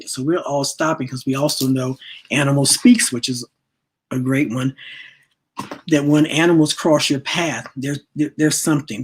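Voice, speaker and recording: A woman's voice: rumbling low, breathy edge. A middle-aged woman telling a personal spiritual story in a rambling way, repeating words and acting out the voices she quotes. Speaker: speaker sharing a spiritual lesson.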